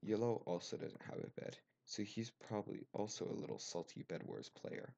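A young gamer commentates on his gameplay with sarcastic, mock-offended rants into a cheap desk mic. His voice is fairly low, gravelly, and mellow at a moderate pace, and the audio is dull.

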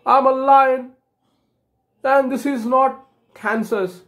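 A woman's voice: high voice, steady tone, slow, pitched above the performer's own voice. A woman teacher voicing a timid, weeping male lion who calls himself a coward.

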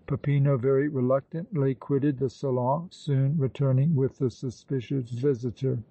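Mellow male audiobook narrator. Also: mid-range voice, dry recording, far from the mic, low-quality recording. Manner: measured, even reading. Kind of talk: scripted narration.

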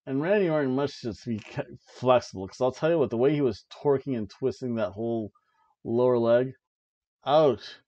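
A man talking casually at a middle pitch while recapping the night's matches. He rambles, chuckles at himself and keeps the chat loose. The recording is a little dull and lo-fi, like a home setup. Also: mellow. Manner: chatty, rambling, laughs at his own jokes. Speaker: podcast host reviewing wrestling. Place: home, seated in an old chair.

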